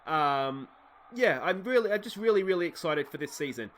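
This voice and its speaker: An Australian man calls a baseball video game in a chatty, excitable way, and he often breaks into loud cheering. His voice sits a little high and has a bright, forceful edge. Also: moderate pace. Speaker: let's play commentator. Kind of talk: casual play-by-play game commentary.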